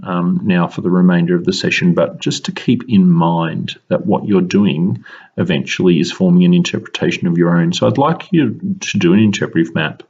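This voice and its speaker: Low husky male teacher explaining poetry. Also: a little mellow, highs cut off. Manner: measured explanation with frequent ums. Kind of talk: recorded lesson.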